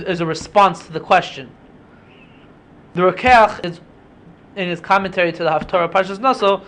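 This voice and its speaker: A young man with a notably high voice casually unpacks a Bible story for his podcast. He explains it conversationally, working Hebrew terms into his talk. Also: fairly bright tone. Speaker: podcast host teaching Bible stories. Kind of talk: casual Torah study talk.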